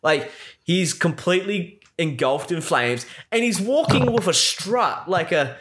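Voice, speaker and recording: A young man recaps a film in a loose, rambling rant. He swears freely and sounds sarcastic, and his voice sits a little higher than most men's. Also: animated, measured pace, background noise. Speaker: film reviewer.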